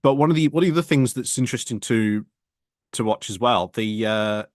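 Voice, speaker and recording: A man's voice: mid-range voice, moderate pace, darkish tone, no echo, clean studio sound. A man co-hosting a casual political chat, hesitant and chiming in with short agreements. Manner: brief agreeing interjections, hesitant. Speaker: co-host.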